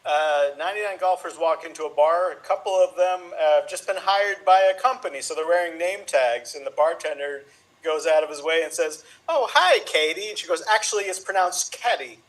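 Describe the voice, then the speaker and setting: A man playing an improv game who tells hesitant joke setups full of fillers and jumps up in pitch for quoted lines. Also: a little fast, rough recording. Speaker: improv player.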